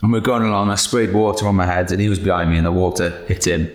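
Male podcast host, low-pitched, loose storyteller who swears, in a roomy space. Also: steady tone, fast talker. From Wales. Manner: jokey, swears freely, tells anecdotes. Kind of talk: casual podcast chat.

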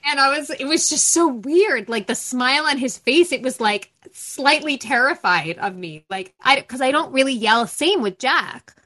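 A woman's voice: sits high, expressive, moderate pace, hardly any pauses, pushed and bright. A woman co-hosting a podcast, chatting candidly and frankly about parenting and swearing freely. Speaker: podcast co-host. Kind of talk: candid casual chat.

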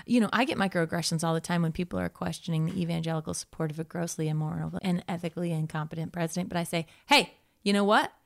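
A woman's voice: fairly low pitch, steady tone, fast talker, creaky, hardly any pauses, dry recording, studio quality. A woman voicing a chipper, self-righteous evangelical megachurch host who speaks bubbly and full of churchy catchphrases, in an improvised satire. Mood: perky smug. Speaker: podcast host. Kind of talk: improvised satirical character comedy.

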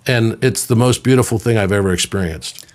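A man in his fifties, a podcast guest, talking in a conversational, storytelling way, sometimes doing voices for quoted people. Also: brisk. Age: 50s. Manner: animated storyteller, puts on high voices for quoted children.

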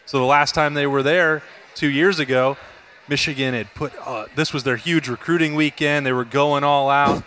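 A man's voice: on the high side, fairly even intonation, normal speed, a bit bright, a little hiss or hum. A man hosting a sports show, telling stories in an easygoing way during a casual chat.

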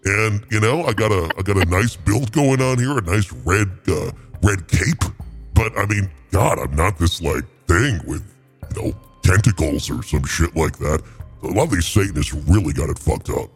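A man's voice: sits low, animated, normal speed, faint music behind. A man doing a crude laid-back Satan. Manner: rambling, profane, chuckling.

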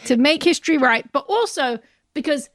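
A woman's voice: high-pitched, expressive, normal speed, no echo, studio quality. A woman with an English accent, co-hosting a podcast in casual, enthusiastic chat with laughter. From England. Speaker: podcast co-host.

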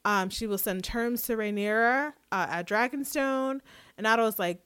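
A woman's voice: fairly high pitch, moderate pace, smooth, dry recording, clean studio sound. A woman co-hosting a casual podcast, recapping a show in a chatty way and laughing often. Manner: chatty, laughs often, animated when retelling scenes. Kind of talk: casual chat.

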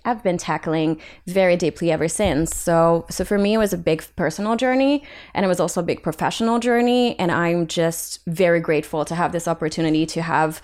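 A young woman with a Hungarian accent speaks in a slightly low voice. She is an illustrator being interviewed on a podcast and talks frankly, with plenty of energy. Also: a little fast, few pauses. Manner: frank, animated, laughs often. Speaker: illustrator guest.

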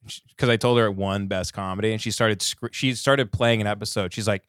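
A man co-hosting a comedy podcast, telling stories in a slow, halting way. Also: lowish voice, fairly even intonation, fairly bright tone, smooth, dry recording, studio quality. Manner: storytelling, slow and halting, stammers. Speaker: podcast co-host. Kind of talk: casual comedic chat.

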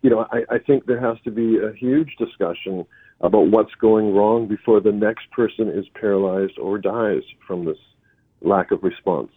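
A man speaking as a guest by phone, halting and stammering as he talks earnestly. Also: fairly low pitch, slightly rough, no room sound. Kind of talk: phone interview. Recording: tinny phone line.

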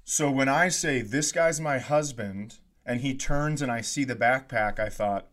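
A man's voice: medium pitch, moderate pace, few pauses. A man hosts a casual comedy podcast in an ordinary mid-range voice. He spins a story with real energy, slips into the voices of the people in it and laughs along as he goes. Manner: animated storyteller, acts out quotes, laughs often.

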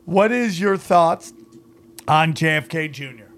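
A man's voice: fairly high pitch, unhurried, fairly bright tone. A man hosting a casual podcast chat who speaks in a blunt, profane way. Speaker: podcast host.

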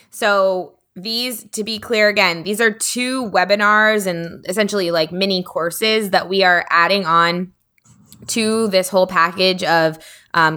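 A woman's voice: fairly low pitch, sharp tone. A woman hosting a podcast in casual, rambling chat with a Southern accent. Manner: chatty, rambling with fillers. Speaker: podcast host.

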